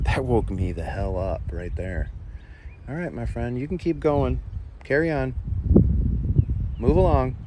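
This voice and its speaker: A man with a fairly low voice talks casually as he walks along a beach lagoon, greeting viewers by name and chatting loosely. He speaks into a plugged-in mobile mic, and outdoor wind and nature noise are clearly heard behind him. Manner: chatty, reads viewer comments aloud, nervous laughs. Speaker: livestream host. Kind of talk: casual walking livestream chat. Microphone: plugged-in mobile mic while walking.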